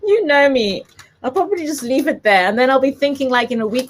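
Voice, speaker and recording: A woman's voice: high-pitched, very animated, measured pace, long pauses. A woman from South Africa with a light South African accent, giving a chatty, giggly live papercraft tutorial. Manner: chatty, giggly, self-deprecating. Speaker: papercraft demonstrator.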